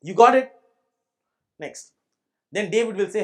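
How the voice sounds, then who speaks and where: A man's voice: high-pitched, lively intonation, measured pace. A male pastor with an Indian English accent preaching a sermon in church. He speaks emphatically, repeats his points, and keeps checking that the congregation understands.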